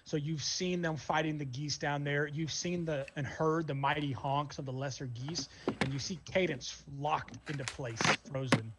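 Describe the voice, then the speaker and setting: A man narrates as game master in a slightly higher voice, relaxed and loose. He fills his descriptions with "uh" and "um" as he sets the scene and explains the rules. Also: moderate pace, heavy background noise. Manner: casual narration with frequent fillers.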